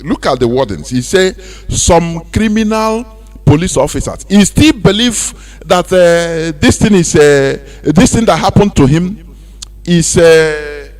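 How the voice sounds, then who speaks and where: Animated Nigerian man hosting radio talk. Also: a little high, unhurried, faint music behind. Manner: animated, mixing pidgin and laughing asides. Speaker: radio host.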